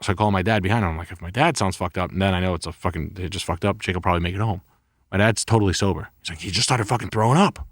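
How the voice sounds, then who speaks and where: Fast-talking, profane man telling a story. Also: low voice, dry recording, studio quality. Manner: rambling and profane, heavy swearing. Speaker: podcast co-host. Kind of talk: casual storytelling.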